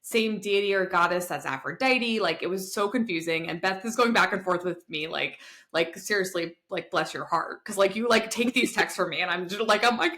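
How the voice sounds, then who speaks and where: A woman co-hosting a podcast, telling stories in an animated, conversational way and laughing easily. Her voice is bright, with a mid-range pitch. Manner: animated storyteller, quick laughs. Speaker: podcast co-host. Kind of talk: casual chat.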